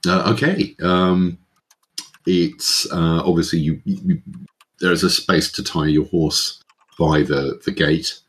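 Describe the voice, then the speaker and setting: Very deep-voiced male game master. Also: steady tone. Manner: hesitant, halting narration. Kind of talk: narrating a tabletop game.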